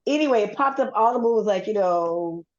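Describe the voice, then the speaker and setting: Speaking fairly quickly in a mid-range voice, a female podcast host chats casually and tells lively stories, voicing other people's lines and cursing freely. The audio sounds muffled.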